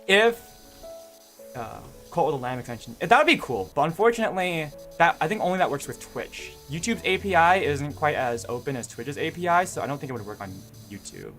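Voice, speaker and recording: Rambling young man streaming, soft music behind. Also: fairly high pitch, expressive, moderate pace. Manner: rambling, hesitant, many fillers and restarts. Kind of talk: casual live-stream chat with viewers.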